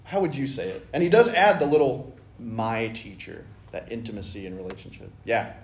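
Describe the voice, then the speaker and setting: In a church meeting room, a man leads a casual Bible study, enthusiastic and chatty, frequently acting out lines of scripture. His voice is medium-pitched and fairly quick, and the recording carries a roomy sound.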